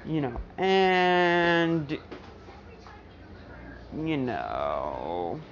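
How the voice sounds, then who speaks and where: A woman with a low voice tells a fan story at home, rambling casually and restarting often. The recording is dull and lo-fi, and a faint noise sits underneath. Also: sing-song, extremely slow. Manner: rambling, with many fillers and restarts.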